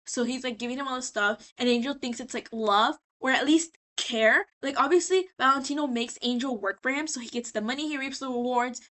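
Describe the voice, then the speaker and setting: This is a woman in a slightly tipsy mood, talking through a story in a scattered, animated way. Her voice sits a little high and sounds bright and forceful. She swears freely and keeps restarting her sentences. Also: brisk, hardly any pauses. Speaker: video creator. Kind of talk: casual rambling recap.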